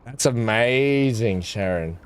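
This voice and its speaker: In an animated, mid-range voice, a male gaming video creator takes his time unboxing gifts. His casual chatter includes muttered asides, remarks to his dog, and repeated throat clearing.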